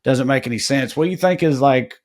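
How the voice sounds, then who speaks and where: A man's voice: mid-range voice, fairly quick, darkish tone. A man co-hosting a podcast, telling a story in casual chat with lots of fillers and restarts. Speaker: podcast co-host.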